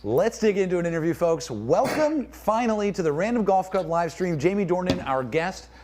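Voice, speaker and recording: A man hosting a live stream interview, asking questions in a fast, jokey, upbeat way. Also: high voice, sing-song, darkish tone. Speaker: host.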